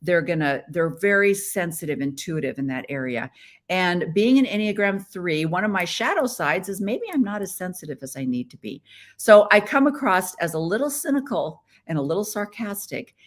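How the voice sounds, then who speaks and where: A woman's voice: lowish voice, lively intonation, moderate pace. Middle-aged woman from the midwest, chatty live-stream host, laughs a lot, talks to her webcam. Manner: chatty and playful, with frequent laughs. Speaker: podcast host. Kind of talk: casual live-stream chat.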